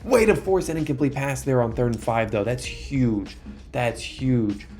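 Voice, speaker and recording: A young man at an ordinary middle pitch talks through a football video game in a loose, chatty way. He keeps slipping into excitable, exasperated outbursts at the game. Faint music plays quietly behind him. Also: unhurried. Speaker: gaming YouTuber. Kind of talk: casual gameplay commentary.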